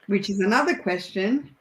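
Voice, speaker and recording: A woman's voice: medium pitch, reverberant. A woman with an Australian accent, chatting as a guest over a video call and telling stories with frequent laughter. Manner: chatty, animated storyteller who laughs often. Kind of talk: casual chat.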